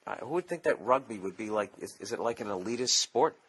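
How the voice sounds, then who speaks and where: A man's voice: on the low side, expressive, fast talker, a bit bright, breathy edge. A man hosting his own podcast, talking alone in a casual, profane, sarcastic rant. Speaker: podcast host. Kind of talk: casual solo podcast monologue.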